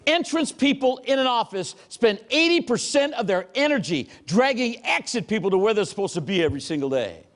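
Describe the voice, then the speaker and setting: A man giving a motivational keynote talk, telling stories in a punchy, animated way and breaking into shouts and acted-out quotes. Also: sits high, brisk, hardly any pauses. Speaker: keynote speaker. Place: large hall before a live audience.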